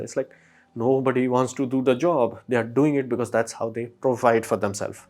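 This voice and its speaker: A man's voice: medium pitch, fast, a little mellow. Emphatic man firing rhetorical questions. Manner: informal, swears lightly. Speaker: host. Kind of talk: casual opinion monologue.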